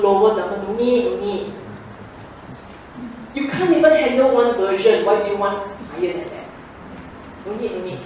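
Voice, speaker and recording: Lady giving a dhamma talk, slow and punchy, echoey hall, mic far off. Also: medium pitch, darkish tone, slight background noise. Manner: repetitive, emphatic, colloquial. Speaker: Buddhist Dhamma speaker. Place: lecture hall.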